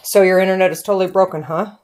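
A woman's voice: on the low side, steady tone, racing, darkish tone. A woman co-hosting a casual chat, talking bluntly and animatedly and swearing freely.

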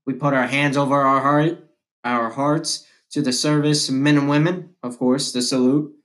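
A man's voice: mid-range voice, steady tone, moderate pace, fairly bright tone. A man hosting a podcast, giving a political monologue in an impassioned, repetitive and combative way. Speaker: podcast host.

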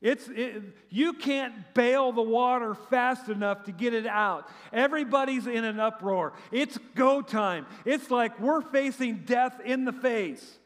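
In a large church hall whose reverb lingers on every word, a middle-aged male pastor gives a laid-back sermon at an unhurried pace with few pauses. His high voice is animated and talkative, marked by restarts and sarcastic side comments.

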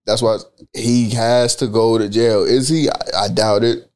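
A young man chatting casually as a podcast co-host, laid-back with drawn-out remarks. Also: medium pitch, fairly even intonation. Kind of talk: casual chat.

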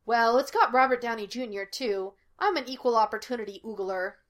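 A woman's voice: fairly high pitch, a little fast, fairly bright tone, lightly acted. A woman voicing a flippant, teasing young man who poses as a psychic detective, in a storybook reading. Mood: joking. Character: cocky young male fake psychic, wisecracking.

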